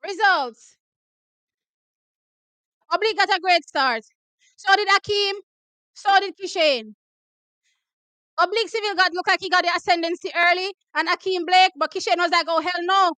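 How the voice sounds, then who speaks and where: High-pitched Jamaican woman cheering races. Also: moderate pace, long pauses, no room sound. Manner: exclamatory, bursts into cheers and repeated shouts. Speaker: watch party host. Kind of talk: excited live race reaction.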